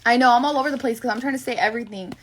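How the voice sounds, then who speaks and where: A woman's voice: a little high, racing. A young woman telling her viewers a long personal story, blunt, rambling and swearing a lot. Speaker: livestreamer.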